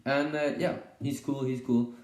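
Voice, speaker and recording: A man's voice: mid-range voice, steady tone, a little slow, darkish tone, roomy sound. A man giving a casual unscripted video review, rambling and hesitant, with many fillers and restarts. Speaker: YouTube reviewer.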